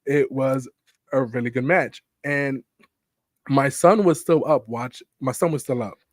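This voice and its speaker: A man with a mid-pitched voice chats on a late-night show, telling darkly funny stories and checking in with the listener after almost every point. The recording is dry and close. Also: unhurried, dry recording. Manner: dark humor, repeats "you know what I mean". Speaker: guest. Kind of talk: casual late-night chat. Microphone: streaming podcast mic.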